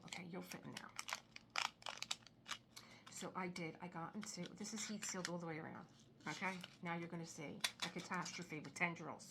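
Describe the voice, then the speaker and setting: A middle-aged woman rambling casually as she crafts, drifting into soft muttering now and then. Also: lowish voice, very noisy. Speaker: craft video host. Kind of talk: casual chat while crafting.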